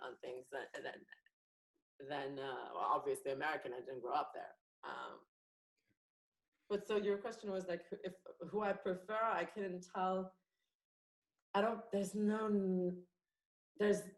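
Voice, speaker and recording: Woman, young, from France, international accent, low-pitched, chatty, lots of fillers. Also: rough recording. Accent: international English, no French accent. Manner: chatty, lively, many fillers and restarts. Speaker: comedian and actress guest. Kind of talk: casual podcast chat.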